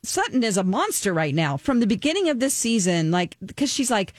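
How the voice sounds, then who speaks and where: A woman's voice: a little high, big pitch swings, a little fast, hardly any pauses, no room sound, clean studio sound. A woman co-hosting a podcast, chatting casually and gossiping about a reality show, rambling with restarts. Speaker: podcast co-host.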